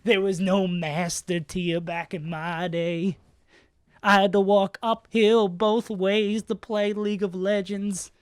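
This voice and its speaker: A man voicing a dying old southern gentleman who boasts in a slow, drawling old-timer's way. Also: sits high, steady tone, clear, resonant tone, dry recording, clean studio sound. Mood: wistful boasting.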